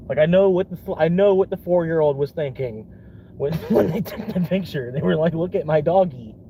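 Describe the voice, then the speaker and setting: A man's voice: a little high, moderate pace, gravelly, background noise. A young man from Florida in a casual rambling vlog, swearing often and laughing between thoughts. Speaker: vlogger.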